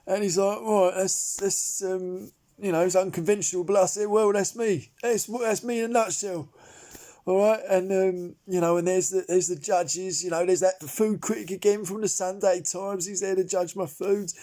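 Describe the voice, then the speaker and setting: A man's voice: sits high, flat delivery, moderate pace, mellow, lightly acted. A man playing Derek, a bumbling amateur chef, telling a rambling story full of restarts and fillers. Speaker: comedy character monologue. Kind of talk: improvised character monologue.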